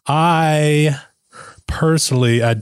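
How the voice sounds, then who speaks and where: A man acting as the podcast's producer, giving a relaxed recap of what the hosts said, with a casual swear. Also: a little high, takes it slowly, clean tone, dry recording.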